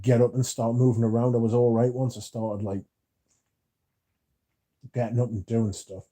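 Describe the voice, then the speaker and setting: Chatty British man with a dark voice. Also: medium pitch. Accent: British English. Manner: chatty, rambling, lots of "like" fillers. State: drowsy, yawning. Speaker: livestream host reading chat. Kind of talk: casual livestream chat.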